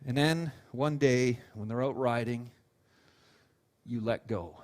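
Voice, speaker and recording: A male pastor preaching a sermon in an animated storytelling way, with casual fillers and restarts. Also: medium pitch, takes it slowly. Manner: animated storytelling, acting out quotes.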